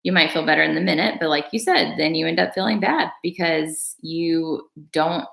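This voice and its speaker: Low-voiced woman chatting on a livestream. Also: normal speed, vocal fry, a bit bright. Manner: rambling, earnest, many fillers and restarts. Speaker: livestream vlogger. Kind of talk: casual livestream chat. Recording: roomy room echo.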